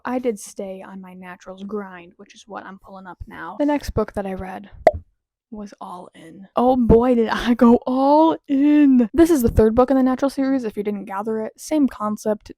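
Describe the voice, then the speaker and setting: A young woman chatting casually through her monthly book reviews, animated and quick to laugh, swearing now and then. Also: medium pitch, no echo, clean studio sound. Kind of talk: casual monthly reading wrap-up.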